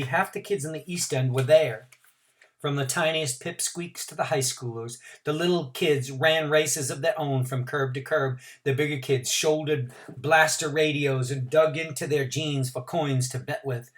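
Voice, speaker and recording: A man teacher reading a novel aloud to his class, adding asides and explanations for his students. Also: mid-range voice.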